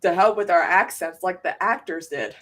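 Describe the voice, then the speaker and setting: A woman's voice: lowish voice, moderate pace, fairly bright tone. An American woman on a podcast panel, joking wryly and sounding a little tipsy. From United States. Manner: wry, joking. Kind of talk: casual podcast chat.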